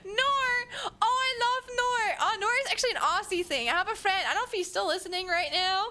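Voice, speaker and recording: High, bright giggly streamer woman. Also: lively intonation, quick pace. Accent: German. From Germany. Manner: chatty and giggly, rambling with many fillers. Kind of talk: casual chat with viewers. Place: home streaming setup.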